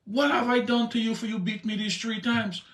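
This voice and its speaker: A man's voice: sits high, fairly even intonation, normal speed, a bit bright, reverberant, pitched above the performer's own voice. A man voicing a loyal male donkey that talks and pleads with its owner like a buddy. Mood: pleading.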